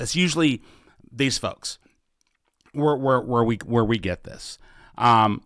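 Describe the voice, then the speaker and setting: A man's voice: mid-range voice, slow pace, pauses often, fairly bright tone, dry recording, studio quality. A middle-aged man hosting a live question-and-answer podcast, speaking earnestly and often restarting his sentences. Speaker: podcast host and political candidate. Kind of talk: live Q&A, casual campaign talk.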